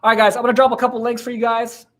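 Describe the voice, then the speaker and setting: A man's voice: very high-pitched, little pitch movement, racing. A man in his twenties hosting a casual live-stream Q&A, laid-back and slangy, with lots of fillers and laughs. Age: 20s. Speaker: host answering viewer questions.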